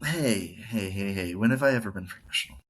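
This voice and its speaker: A man's voice: lowish voice, fairly quick, a bit bright, a little hiss or hum. Rambling man co-hosting a podcast. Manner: rambling, heavy use of "like". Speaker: podcast co-host. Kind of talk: casual hockey podcast chat.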